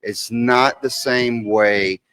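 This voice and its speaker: A man co-hosting a casual podcast, who explains things in a calm, measured way. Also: medium pitch, clean tone. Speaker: podcast co-host.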